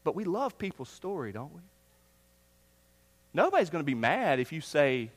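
A male pastor preaching a sermon, earnest, swinging from loud emphasis down to hushed, near-whispered lines. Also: high-pitched, sing-song, fairly quick. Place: church sanctuary. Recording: long reverb of a church hall.

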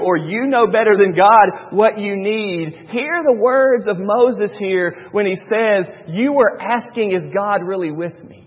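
A man preaches to his congregation from the pulpit, driving points home by repeating them. His voice sits high and a little husky. The recording is dull and rings with the long reverb of a big church hall. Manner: repetitive, emphatic preaching with homely asides. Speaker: pastor. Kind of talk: sermon. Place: church sanctuary.

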